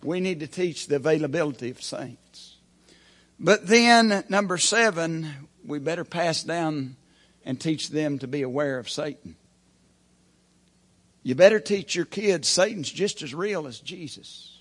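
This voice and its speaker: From the church pulpit, a pastor preaches a sermon in a folksy, plain-spoken style, putting rhetorical questions to his congregation. His voice sits on the high side, and he takes his time.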